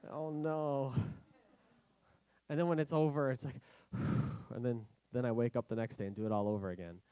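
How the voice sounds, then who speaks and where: A young man giving a casual personal talk, halting and self-correcting with many fillers, acting out his past worries. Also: medium pitch, smooth, no room sound, rough recording. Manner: animated, acting out his own past thoughts. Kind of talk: casual storytelling speech.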